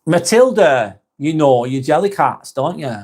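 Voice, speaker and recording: A man's voice: fairly high pitch, lively intonation, measured pace, darkish tone. A man hosting a casual live vlog, reading viewer comments aloud and chatting with them, swearing casually. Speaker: live stream host reading chat.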